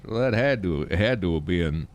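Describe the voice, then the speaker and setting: A man's voice: sits low, lively intonation, moderate pace, a little hiss or hum. A man in character as a police chief in a role-play, talking in a rambling, bemused way.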